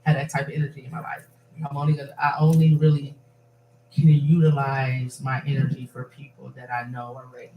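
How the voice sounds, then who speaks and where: A man's voice: mid-range voice, level tone, a little fast, dull audio. A man hosting a casual talk show, rambling and emphatic in an upbeat way. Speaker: host. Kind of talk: casual chat. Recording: echoey room with faint noise.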